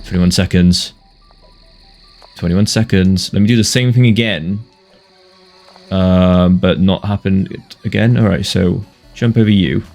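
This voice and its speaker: A man's voice: low-pitched, fairly even intonation, unhurried, gravelly, long pauses, a little mellow. A man giving casual, profane, joking commentary while playing a video game and talking back to it. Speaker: gamer streamer. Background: game music.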